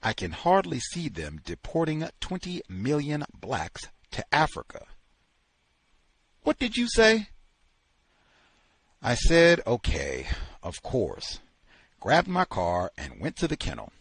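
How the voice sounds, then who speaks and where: A man reads a novel aloud in a husky voice, his pitch rising and falling dramatically. He takes his time, slow and deliberate. The sound is dry and close. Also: no echo. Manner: expressive, dramatic storytelling. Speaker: host reading a novel aloud. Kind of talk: reading a novel aloud with commentary.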